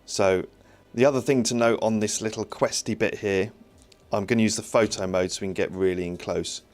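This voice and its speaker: A man with a fairly low voice talks casually through a live game-development stream. He thinks aloud as he works, answers viewers and pokes fun at himself. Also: steady tone, a little fast, darkish tone, soft background music. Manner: chatty, self-mocking, thinks aloud while working. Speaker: indie game developer streaming his build.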